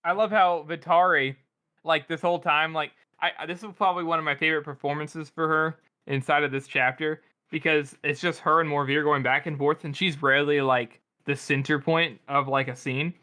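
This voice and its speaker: A man's voice: fairly high pitch, fairly even intonation, brisk, pushed and bright, smooth. A man co-hosting a podcast, talking enthusiastically about a novel, quoting characters and laughing. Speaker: podcast co-host. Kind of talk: casual chat about a novel.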